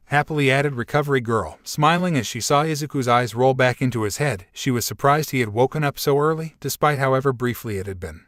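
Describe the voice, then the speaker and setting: Guy reading fan fiction out loud, steady, medium voice, no room sound. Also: medium pitch, a little fast, few pauses, no echo, clean studio sound. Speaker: narrator.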